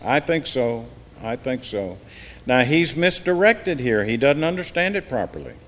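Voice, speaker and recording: A man's voice: medium pitch, sing-song, measured pace, fairly bright tone. A man leads an evening Bible class in an ordinary mid-range voice. He reads scripture aloud with growing emphasis, then explains it in plain teaching talk. His voice rings with a long reverb, as if recorded in a large hall.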